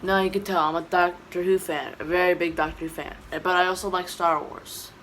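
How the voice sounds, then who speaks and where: A woman's voice: fairly low pitch, flat delivery, brisk, a bit bright, a little hiss or hum, low-quality recording. A woman with a Texan accent rambling through an opinionated casual vlog, tired and correcting herself often. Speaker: YouTube vlogger. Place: indoor room, dim lighting.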